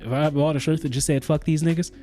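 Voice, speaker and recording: Guy co-hosting a podcast, warm mellow voice, swears a lot, animated riffing. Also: fairly high pitch, fast talker, faint music behind. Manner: profane, animated riffing with acted-out quotes. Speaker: podcast co-host. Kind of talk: casual chat.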